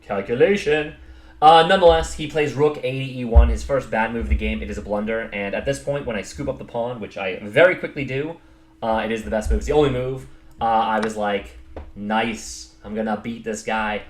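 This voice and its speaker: A man's voice: medium pitch, fairly quick. Man, own voice, casual rambling chess recap, self-mocking, roomy echo, faint noise. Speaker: chess player reviewing his own game. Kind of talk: casual game recap commentary.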